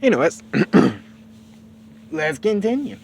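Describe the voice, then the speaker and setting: A man's voice: high-pitched, very animated, slow, gravelly, slight background noise. A man casually retelling a story, rambling and profane, with lots of fillers.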